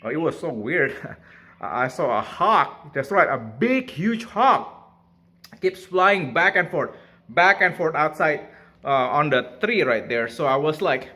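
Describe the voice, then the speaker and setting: Chatty man with a bright voice. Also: fairly high pitch, big pitch swings, measured pace. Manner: chatty, laughs often, coos at his bird. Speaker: pet bird owner vlogger. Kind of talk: casual talk to camera.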